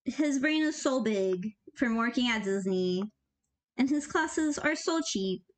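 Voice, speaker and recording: High-voiced young woman rambling casually. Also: lively intonation, slow pace. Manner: rambling, jokey, gives offhand tips. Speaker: animator. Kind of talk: casual commentary while working.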